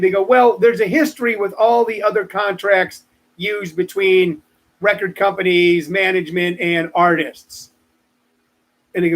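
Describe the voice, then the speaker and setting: A man's voice: high voice, normal speed, fairly bright tone. A man in his sixties, a comedian hosting his live stream, rambling through stories and joking asides to viewers. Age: 60s. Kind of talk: casual live-stream monologue.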